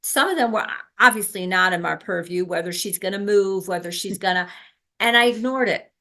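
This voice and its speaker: A woman's voice: mid-range voice, fairly quick, bright, forceful tone. A woman leading a workshop for birth helpers, talking casually with many ums and restarts. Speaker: doula trainer. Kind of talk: workshop teaching.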